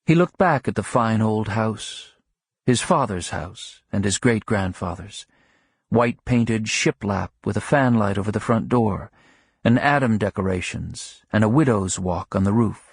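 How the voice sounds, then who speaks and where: A man narrating a literary novel as an audiobook in a measured, unhurried way. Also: on the low side, vocal fry, husky, no echo, clean studio sound.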